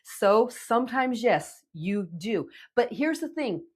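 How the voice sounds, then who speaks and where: Animated woman coaching parents. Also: a little high, slow pace, slightly rough. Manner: animated, emphatic, checks in with 'okay?'. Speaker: teen relationship coach. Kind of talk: direct-to-camera advice talk.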